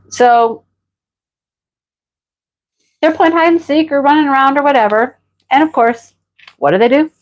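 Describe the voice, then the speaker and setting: A woman's voice: on the high side, dull audio. A middle-aged woman livestreaming, casually telling a story to her chat, laughing often and answering viewers by name. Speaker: livestream host.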